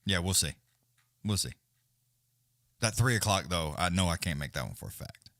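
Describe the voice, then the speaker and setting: Animated, profane male live-streamer. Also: sits low, moderate pace, no room sound, studio quality. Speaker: livestream host. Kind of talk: casual live-stream chat.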